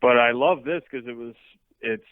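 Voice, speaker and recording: A man's voice: medium pitch, normal speed, smooth, dry recording. A man calling into a show, rambling and searching for words as he chats casually. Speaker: caller. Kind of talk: casual phone chat. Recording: tinny phone line.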